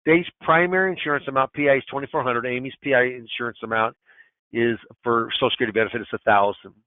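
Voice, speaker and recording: A man's voice: medium pitch, fairly even intonation, fast, no room sound. A man in his sixties giving a webinar as a financial advisor, talking in an emphatic, folksy way that restarts and repeats phrases. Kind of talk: webinar presentation. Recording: tinny phone-like line.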